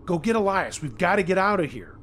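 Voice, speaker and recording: A man's voice: high voice, very animated, a little fast, fairly bright tone, a little hiss or hum, voice pushed up. A man voicing a young woman shaken after a shooting, urgent and pleading.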